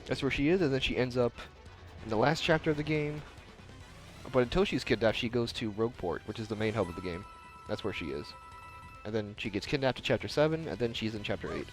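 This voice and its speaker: A man's voice: medium pitch, quick pace, faint music behind. A young man casually commenting while live-streaming a game, chatting with viewers and reading on-screen dialogue aloud. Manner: chatty, answers chat, reads dialogue aloud in voices. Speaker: streamer playing a video game.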